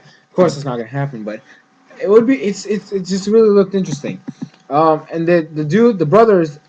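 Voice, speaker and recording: A man giving a casual, rambling review of a cartoon episode, full of fillers and quick acted-out lines. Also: fairly high pitch, lo-fi sound. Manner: rambling, excitable, heavy use of "like" and "freaking"; acts out the characters' lines in quick bursts.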